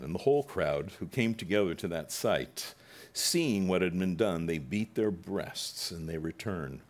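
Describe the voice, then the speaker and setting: A male pastor preaching a sermon, reading scripture and retelling it dramatically, with sudden loud bursts for the mockers. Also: low-pitched.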